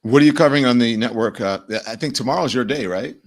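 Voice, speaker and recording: A man hosting a talk show, thanking a guest and moving on to the next story. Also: mid-range voice. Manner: conversational, then brisk read of an ad. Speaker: host.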